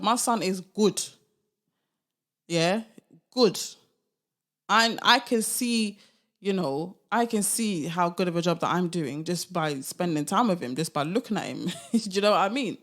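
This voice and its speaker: A woman's voice: mid-range voice, expressive, normal speed. A young woman hosting her own podcast, talking casually and animatedly, often laughing and asking rhetorical questions. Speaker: podcast host. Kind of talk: casual solo podcast monologue.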